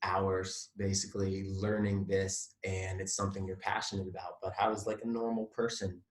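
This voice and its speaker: A man hosting a relaxed podcast interview, with an extremely deep, low voice. He speaks in a loose, conversational way. A roomy echo hangs on the sound. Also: normal speed. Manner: relaxed, frequent mm-hmms, conversational. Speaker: podcast host. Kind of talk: casual interview chat.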